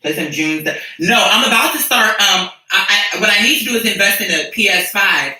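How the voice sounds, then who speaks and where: A rambling, profane streamer chats with viewers, sassy and quick to restart sentences. The voice is very bright and sharp. It rings around a very echoey room from a mic set well back. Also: mid-range voice, recorded from a distance. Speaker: streamer and musician. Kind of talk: casual chat with viewers.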